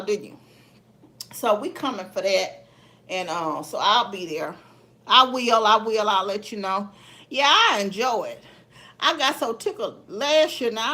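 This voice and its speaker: A woman's voice: fairly high pitch, pushed and bright. Chatty woman livestreaming. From Memphis area, USA. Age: middle-aged. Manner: chatty, folksy, laughs often, addresses viewers as y'all. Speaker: livestream host. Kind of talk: casual live chat with viewers.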